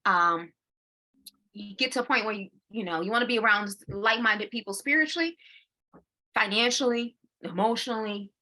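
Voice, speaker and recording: A bright, lively woman in her forties chats casually as co-host, her tone crisp and forward. She repeats words as she gathers her thoughts. She laughs often and acts out her own inner voice mid-sentence. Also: a little high, moderate pace. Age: 40s. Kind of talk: casual chat.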